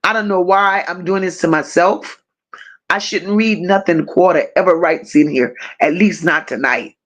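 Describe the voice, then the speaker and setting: A woman hosting a livestream reads viewers' comments aloud and fires back with profane, teasing banter. Her voice is lowish at a moderate pace.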